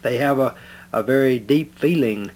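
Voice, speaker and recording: Man teaching Psalms, steady with frequent fillers. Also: medium pitch, moderate pace. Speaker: preacher. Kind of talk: verse-by-verse Bible teaching.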